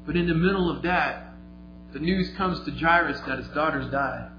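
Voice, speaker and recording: A man preaching a sermon, retelling a story vividly, moving between quiet and emphatic delivery. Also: on the high side, normal speed, noisy background. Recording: echoey, slightly dull, faint music.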